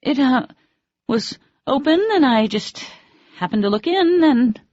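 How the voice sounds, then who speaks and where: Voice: high voice, expressive, unhurried, a little mellow, no echo, voice pushed up. A narrator voicing a flustered, apologetic young woman. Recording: dry, slightly dull audiobook recording.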